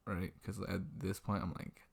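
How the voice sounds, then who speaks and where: Young male vlogger, deep and gravelly, rambling and self-deprecating, webcam at night. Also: little pitch movement, measured pace. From Washington state, US. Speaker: restaurant server telling a work story. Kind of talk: casual storytelling vlog. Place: indoors at a computer, late at night. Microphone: webcam mic.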